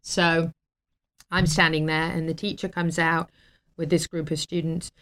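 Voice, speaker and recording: A woman's voice: sits low, little pitch movement, unhurried. A woman guest on a talk show, telling a heartfelt story casually, with fillers and laughter. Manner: warm and emotional, laughs often, many fillers.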